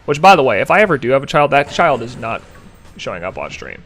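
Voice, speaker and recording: Animated young man streaming casually. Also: mid-range voice, fast, faint music behind. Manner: rambling, jokey, reads chat aloud. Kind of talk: casual live-stream chat.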